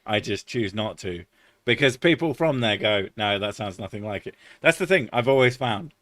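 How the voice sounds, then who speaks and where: A man's voice: on the low side, animated, normal speed, fairly bright tone, no echo. A man chatting casually on a live stream, swearing freely and laughing often.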